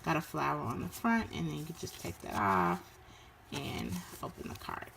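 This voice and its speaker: A woman describing her handmade craft pieces in a casual show-and-tell, unhurried and full of ums and uhs. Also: low-pitched, huge pitch swings, creaky, fairly bright tone, slight background noise. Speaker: crafter showing her work.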